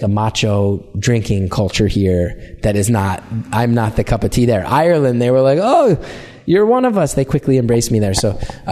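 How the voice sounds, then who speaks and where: An American man, a comedian guest, chatting casually in an interview and telling animated, self-deprecating stories. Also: mid-range voice. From United States.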